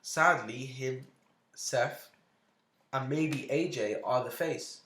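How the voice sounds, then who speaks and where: A man's voice: mid-range voice, slow, a bit bright, slight background noise. Blunt young man in a roomy echo. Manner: blunt, opinionated, swears, mocks wrestlers in a whiny voice. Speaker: podcast co-host. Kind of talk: casual chat.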